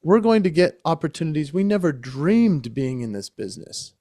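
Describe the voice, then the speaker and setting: A man's voice: a little high, sing-song, normal speed, warm tone, no echo. A man telling an enthusiastic story as a podcast guest, talking casually into a close microphone. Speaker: guest, entertainer and speaker.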